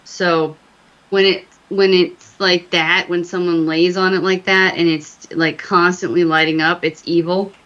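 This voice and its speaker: A woman's voice: fairly low pitch, little pitch movement, unhurried, a bit bright, muffled recording. A woman, a medium, telling a ghost story in a casual, rambling way with many fillers. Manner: rambling, full of fillers and restarts. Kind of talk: casual storytelling on a talk show.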